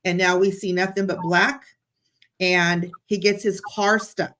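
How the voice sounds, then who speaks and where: A woman chatting as a guest, telling a story in an excited, animated way. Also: fairly low pitch, a little slow. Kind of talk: casual chat.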